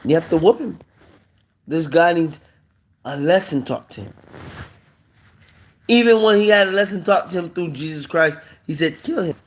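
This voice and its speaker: A man's voice: fairly high pitch, expressive, moderate pace, pauses often. A man preaching in an impassioned monologue on a live stream, emphatic and firing off rhetorical questions.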